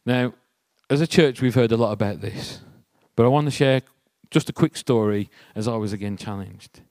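At normal speed and mid-range pitch, a man with a somewhat mellow voice preaches to his congregation without any echo. His chatty sermon mixes a personal anecdote with rhetorical questions for the audience.

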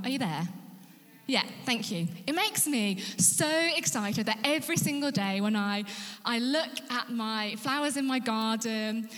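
A woman's voice: on the high side, lively intonation, measured pace, fairly bright tone. Woman preacher, earnest, whispers for emphasis, rallies listeners, long hall reverb. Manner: rallies the congregation with questions. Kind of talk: sermon.

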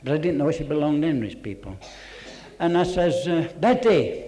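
Man giving testimony to a congregation; earnest, mellow, pitched a little high. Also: lively intonation, brisk. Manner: earnest storyteller who drops to a hush for quoted voices. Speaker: church testimony speaker.

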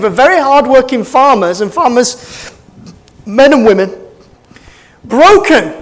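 A middle-aged man, preaching a sermon as pastor with impassioned, building emphasis. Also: very high voice. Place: church.

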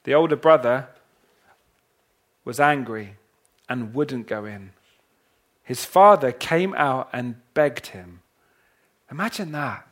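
A man preaching a sermon, retelling a parable in a dramatic way that swings from hushed to loud. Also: medium pitch, animated, slow, long pauses. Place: church hall with a congregation.

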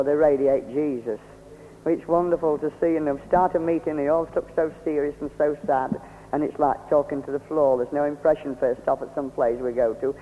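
A man's voice: mid-range voice, a little hiss or hum. A man leading a revival meeting, ecstatic and exclaiming, with frequent hallelujahs. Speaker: preacher. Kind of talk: revival sermon. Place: church meeting hall. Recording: tinny old radio recording in a hall.

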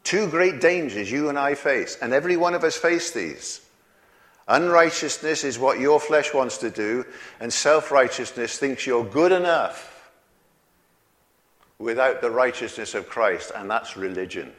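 Chuckling preacher in a reverberant hall. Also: male voice, medium pitch, expressive, a little slow, a bit bright. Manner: chuckling, folksy, rhetorical questions to the congregation. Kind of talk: sermon.

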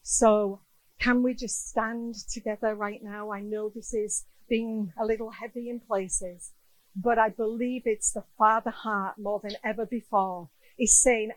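A middle-aged woman delivers an emotional sermon, bringing the people in her stories to life with lively quoted voices. Her voice sits a touch high, and the close microphone gives it a dry, roomless sound. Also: a little slow, dry recording, poor audio. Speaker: guest speaker.

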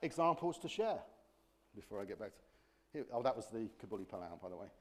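A middle-aged man preaching a sermon, telling humorous stories in an animated way and acting out other people's voices. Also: lowish voice, quick pace. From Britain. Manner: animated storytelling, acts out voices, laughs often.

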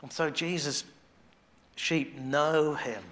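Slowly and with fairly even intonation, a preacher with a somewhat raised pitch gives a relaxed, conversational sermon. He thinks out loud, doubling back on phrases with soft asides, and sinks to a quiet, intimate tone when devotional points turn personal.

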